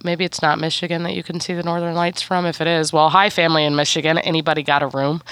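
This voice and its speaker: Bright, animated young woman podcaster. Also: deep voice, fast talker, clear, resonant tone, dry recording. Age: 20s. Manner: animated, blunt and laughing. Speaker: podcast co-host. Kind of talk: casual chat.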